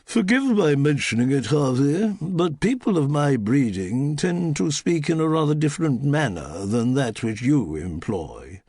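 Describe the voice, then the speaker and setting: Pompous elderly duchess, clipped and haughty, higher voice swinging widely, as a male narrator puts her on. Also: big pitch swings, measured pace, few pauses, darkish tone, breathy edge, dry recording, studio quality, heavily acted. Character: imperious elderly aristocratic dowager duchess, woman.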